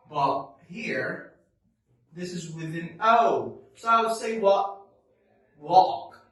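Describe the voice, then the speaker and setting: A man with an Egyptian accent and Arabic as his first language gives an English pronunciation lesson in a slightly high voice. He stresses each model word and poses questions he answers himself. His voice rings through a very echoey room, picked up from a distance. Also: fairly bright tone. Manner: drawn-out, emphatic model words, asks and answers himself.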